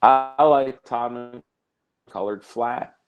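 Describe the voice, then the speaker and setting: A man's voice: medium pitch, fairly even intonation, slow, smooth, phone-quality sound, soft background music. A man hosting a live art stream, chatting casually in a rambling, jokey way and reading out viewer comments. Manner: rambling, self-interrupting, jokey.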